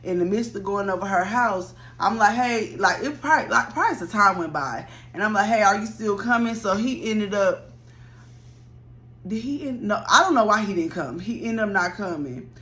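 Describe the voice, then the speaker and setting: A woman in her mid-thirties telling a rambling personal story to her viewers, chatty and animated. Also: medium pitch, normal speed. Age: 30s.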